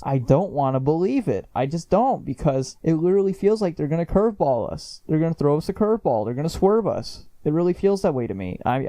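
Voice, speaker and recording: Male reviewer, casual chatty talk, swears, mellow dark tone, dry close sound. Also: on the high side, no echo. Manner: chatty, lots of fillers, swears and laughs. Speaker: anime episode reviewer.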